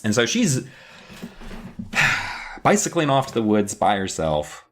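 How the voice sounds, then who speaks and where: A man's voice: medium pitch, sing-song, a bit bright. A man co-hosting a podcast, recapping a book in a jokey, casual way. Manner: jokey, does quick voices for characters. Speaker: podcast co-host.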